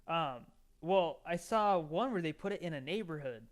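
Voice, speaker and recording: A man co-hosting a podcast in casual chat, excitable and full of "dude". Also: a little high, normal speed. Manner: excitable, says "dude" a lot. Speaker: podcast co-host.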